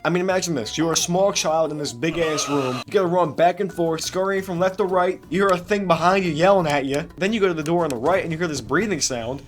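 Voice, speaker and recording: A young man giving game review commentary, animated and ranting, with frequent swearing and laughter. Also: fairly high pitch, fast, few pauses. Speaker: gaming video creator. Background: soft background music.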